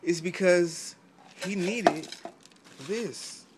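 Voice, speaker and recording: Vlogger, male, high voice, heated profane rant, stumbles and restarts constantly, faint background hiss. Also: drawn-out words. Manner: swings into loud mock-quoted outbursts. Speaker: vlogger giving selling advice. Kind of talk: profane ranting vlog.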